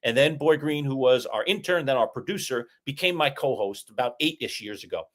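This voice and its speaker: A middle-aged man co-hosting a sports talk show, chatting and telling stories in an animated way. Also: mid-range voice, a little fast. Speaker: co-host.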